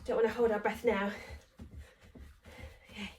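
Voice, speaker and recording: A woman with a medium, fairly flat pitch and a darkish tone leads exercises in a home room at normal speed, encouraging and counting as she gets out of breath. Slight background noise and echo accompany her, and she sounds distant.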